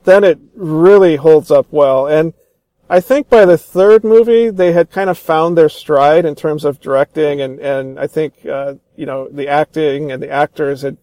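Eager, fairly high-voiced man in a dry room. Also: normal speed, dark tone, no echo. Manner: enthusiastic retelling, acts out quoted lines; frequent restarts and fillers. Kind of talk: casual chat about a film.

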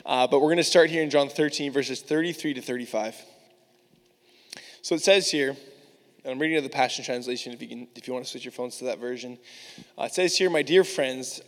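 A male preacher telling a personal story to his church in a candid, casual way, full of "like". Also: on the high side. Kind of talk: storytelling sermon. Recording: long reverb of a large hall.

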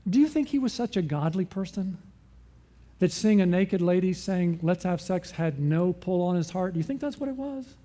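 A man's voice: sits high, lively intonation, moderate pace, warm tone. A man preaching a sermon, often putting questions to his listeners and answering them himself.

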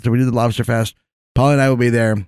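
A man's voice: medium pitch, level tone, quick pace, darkish tone, smooth, no room sound, studio quality. A man co-hosting a podcast in casual, profane banter, laid-back and stammering through restarts. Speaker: podcast co-host.

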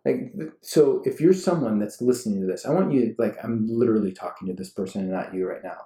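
A man in his thirties co-hosting a casual podcast with his wife, talking in an animated way and getting worked up as he rants. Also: fairly low pitch, fast. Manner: animated, ranting, gets worked up. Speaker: podcast co-host. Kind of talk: casual chat with spouse. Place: room at home. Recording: roomy home recording.

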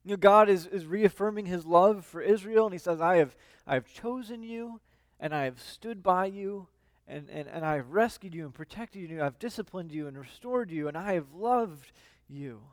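Man, lead minister, sermon, high voice, dry close sound, chatty with restarts. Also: normal speed, no room sound. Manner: conversational with frequent fillers and restarts; reads scripture aloud.

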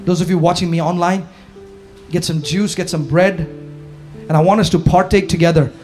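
Male pastor, fervent sermon, high-pitched, soft guitar underneath. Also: fairly even intonation, normal speed. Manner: impassioned preaching, swinging from shouts to hushed tones. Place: church hall before a congregation.

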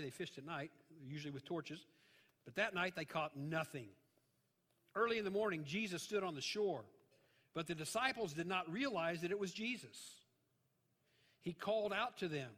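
A man with a high, bright, forceful voice teaches through a sermon in a chatty, animated way. He drops jokes and acts out voices in his retellings. The sound carries a long reverb from a large church hall. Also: normal speed. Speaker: pastor. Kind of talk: conversational Bible-teaching sermon. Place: church sanctuary.

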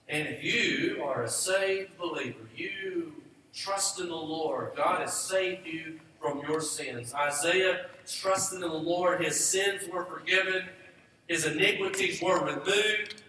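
A man's voice: fairly high pitch, takes it slowly, sharp tone, slight background noise. A male pastor preaching a sermon with emphasis, repeating rhetorical questions, recorded from a distance in a church sanctuary. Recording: distant echoey church hall.

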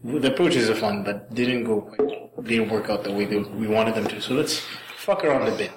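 A man's voice: fairly low pitch, brisk, noisy background. A man telling a casual, rambling story as a podcast guest, swearing freely and acting out the lines of people in it. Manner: rambling, profane, acts out quoted dialogue. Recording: roomy room sound.

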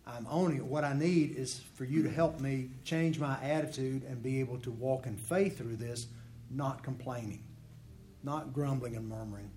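A man's voice: medium pitch, moderate pace, warm tone. A man leading a Bible study class, teaching in an earnest, conversational way and voicing prayers in the first person. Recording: echoey room with faint background noise.

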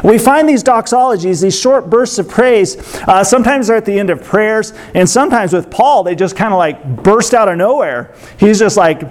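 High-voiced pastor man doing a chatty sermon, repeats his lines, asks the room questions, little laughs. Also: lively intonation, normal speed. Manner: repeats key phrases, asks rhetorical questions, laughs lightly. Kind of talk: conversational sermon.

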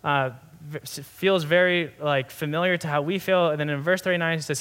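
A man's voice: fairly high pitch, fairly even intonation, brisk, few pauses, fairly bright tone, smooth. A young adult man giving a sermon in a conversational, earnest way, often restarting phrases and saying "like". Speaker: pastor.

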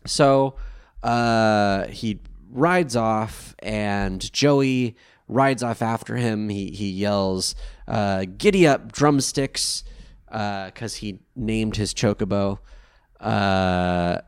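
A man co-hosting a podcast in casual chat, recapping an anime episode in a wry, animated way with the odd swear. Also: lowish voice, extremely slow, clean tone.

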